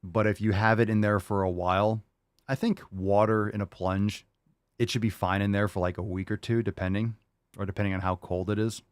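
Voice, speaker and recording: A man's voice: on the low side, flat delivery, fairly quick, smooth, no room sound. A man hosting a podcast, answering listener questions in a loose, rambling chat with jokey asides. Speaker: podcast host.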